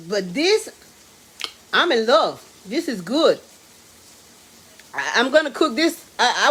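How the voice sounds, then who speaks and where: A woman, chatting excitedly to viewers while cooking in her home kitchen. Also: high voice. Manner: excitable, exclaims with food, talks to viewers as y'all and baby. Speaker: home cook hosting a live cooking stream. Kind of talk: casual live cooking chat.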